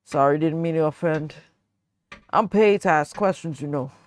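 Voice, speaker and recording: A woman reading game lines as a persistent male private investigator, polite and measured. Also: low voice, close to an everyday voice. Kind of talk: reading game dialogue aloud.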